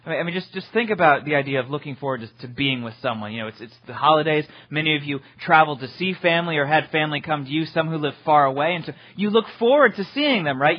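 Earnest male preacher, kinda husky, goes hushed then punchy, repeats himself, dull muffled recording. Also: on the high side. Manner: earnest, swings from hushed to emphatic, repeats words. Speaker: pastor. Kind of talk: sermon.

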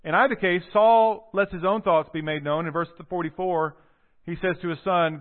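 A man preaching a sermon, retelling a scripture story with animated storytelling and acting out the quoted lines. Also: sits high, normal speed. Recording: tinny phone-like audio.

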